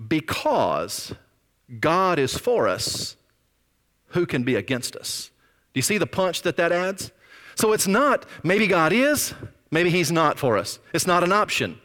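A male pastor preaching a sermon with emphatic, drawn-out stresses, sometimes dropping almost to a whisper. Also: on the high side, a bit bright, long reverb tail. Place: church sanctuary.

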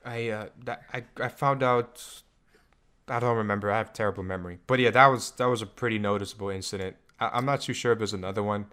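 A young podcast co-host with a fairly low voice, hesitant and stumbling into his sentences. He talks in a relaxed, casual way. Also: fast talker, smooth. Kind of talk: casual chat.

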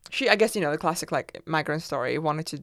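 A young woman from Kazakhstan telling her story in a casual interview, chatty, with lots of fillers and lively quoted voices. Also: sits low, fast, dry recording, clean studio sound. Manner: chatty storyteller, many fillers, laughs often, animated quoting. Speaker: interview guest.

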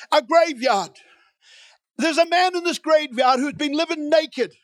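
A man's voice: very high-pitched, a bit bright, dry recording. A man preaching a sermon in a church, reading scripture and building to emphatic, repeated declarations.

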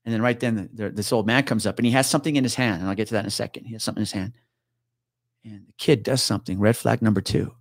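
A man's voice: on the low side, fairly even intonation, very fast, dry recording, studio quality. Man swapping blunt police stories. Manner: swears freely, acts out others' words. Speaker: podcast guest, retired police officer. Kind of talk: casual storytelling.

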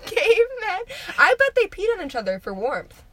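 A woman's voice: very high voice, huge pitch swings, normal speed, slight background noise. A young woman co-hosting a casual podcast from a parked car, rambling and giggling as she jumps between topics. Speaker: podcast co-host. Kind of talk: casual chat.

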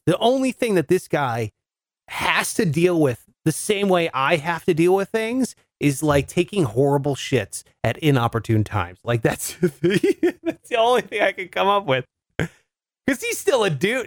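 A man's voice: on the high side, dry recording, clean studio sound. A man riffing comically on news stories in a loose, joking way, laughing between his lines.

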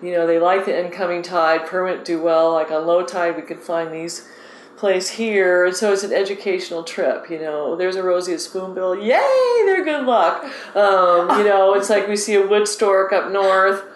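A woman fishing guide, excitable and animated, telling stories in a casual interview. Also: lowish voice, normal speed, roomy sound, slight background noise, rough recording.

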